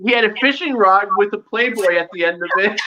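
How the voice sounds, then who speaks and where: A man co-hosting a casual live show chat, talking excitedly and acting out scenes as he goes. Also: high-pitched, a little fast, muffled recording, noisy background. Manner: excitable, reenacts scenes with loud impressions. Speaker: show co-host.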